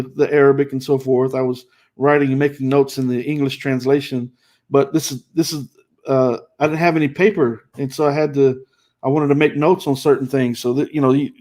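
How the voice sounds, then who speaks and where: A middle-aged man hosting a live stream, giving an earnest personal testimony full of repetitions and restarts. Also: a little high. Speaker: host.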